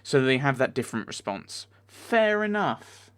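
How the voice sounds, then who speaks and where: A man talks through a video game session as he plays. He chats back at the characters on screen and is quickly exasperated when things go wrong, his voice sitting at a middle pitch. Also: sing-song, a bit bright, smooth. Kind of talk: let's play commentary.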